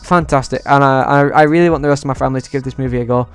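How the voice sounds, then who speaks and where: A man ranking movies in a casual vlog, excitable and swearing freely. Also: medium pitch, rapid-fire, smooth, faint music behind. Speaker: YouTuber.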